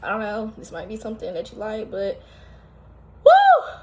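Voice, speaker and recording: A woman's voice: medium pitch, fast talker, very noisy. Tired, chatty woman vlogging at home. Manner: talkative, animated, often exclaiming. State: tired and out of breath. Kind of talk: casual chatty vlog. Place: home kitchen, indoors.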